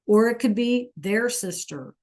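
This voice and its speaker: A woman's voice: on the high side, lively intonation, a little slow, a little mellow. A woman teaching an online Spanish class over a video call, encouraging students to answer in the chat.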